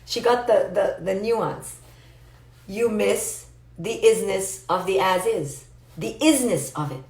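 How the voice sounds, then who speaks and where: A woman psychologist giving a playful, animated live talk to viewers and answering their comments. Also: medium pitch, takes it slowly. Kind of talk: live-stream motivational teaching. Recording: roomy echo.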